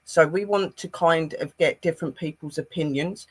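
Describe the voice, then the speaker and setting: A host opening an online talk show, slowly introducing a co-host and guests. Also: female voice, low-pitched, breathy edge.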